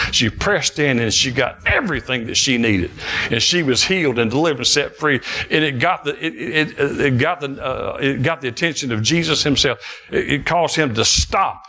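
A middle-aged man delivers a sermon at a mid pitch, his tone bright and forceful. He preaches with fervor and drives his points home through repetition, often stumbling and restarting his sentences. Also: breathy edge. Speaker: pastor.

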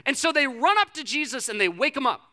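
A male pastor preaching to a live congregation, retelling a story with animated, chatty energy and frequent stumbling repeats. His voice sits high for a man and rings very bright and sharp. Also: fast. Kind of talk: sermon.

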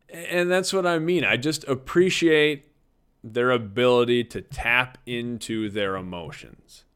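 A man's voice: mid-range voice, expressive, moderate pace, clear, resonant tone. A middle-aged man telling personal stories about his kids in a casual, reflective monologue, chuckling now and then. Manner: warm, reflective, chuckles often.

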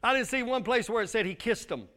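A man's voice: extremely high pitch, fast talker, sharp tone. A male pastor, preaching a sermon with emphatic call-and-response.

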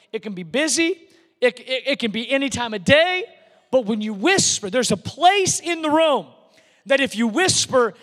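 A man's voice: extremely high pitch, fairly bright tone. A man preaching a sermon, emphatic and given to repeating words as he builds a point. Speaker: pastor. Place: large church hall. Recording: long hall reverb.

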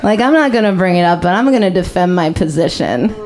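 A woman's voice: fairly low pitch, animated, fast talker, darkish tone, a faint crowd. A woman doing a stand-up comedy set on a club stage, joking in an offhand, self-deprecating way. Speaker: stand-up comic.

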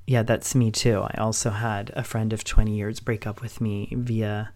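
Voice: medium pitch, little pitch movement, normal speed, hardly any pauses, darkish tone. Middle-aged podcast host, reflective monologue, emotional, run-on delivery. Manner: open and emotional, long run-on sentences linked with "and".

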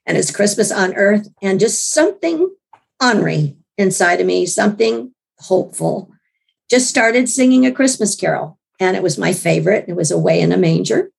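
A woman being interviewed as the author of a book, telling a personal story in an earnest, animated way with frequent restarts. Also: medium pitch, normal speed, creaky, breathy edge. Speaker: guest author.

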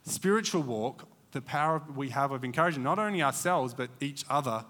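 Bright-voiced male preacher in echoing hall. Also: mid-range voice, expressive, a little fast. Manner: conversational, digressive, many fillers. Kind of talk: church sermon.

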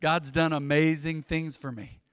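Man, pastor, sermon, high voice, dry close sound, calls out to the congregation. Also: flat delivery, a little slow, fairly bright tone, clean tone, no room sound.

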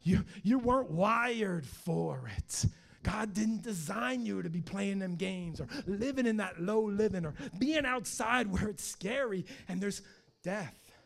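Gravelly high-voiced preaching man. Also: unhurried. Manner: animated preaching, swings from hushed to shouting. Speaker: pastor. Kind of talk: fiery sermon.

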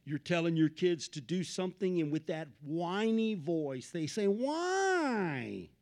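A man preaching a Pentecostal sermon, swinging from low asides to shouted peaks and repeating phrases in a rhythmic build. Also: moderate pace. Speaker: pastor.

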